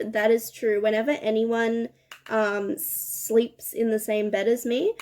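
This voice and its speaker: A woman's voice: a little high, flat delivery, takes it slowly, darkish tone, a little hiss or hum. A young woman chatting casually while doing her makeup, laughing and swearing often. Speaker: beauty vlogger. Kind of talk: get-ready-with-me chat.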